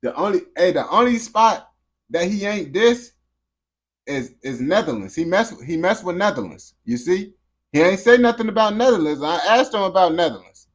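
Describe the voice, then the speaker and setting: A man's voice: high-pitched, moderate pace. Slangy young man chatting with a game character. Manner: slangy, repetitive, swings between mumbling and excited yelling. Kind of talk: casual chat with a game character.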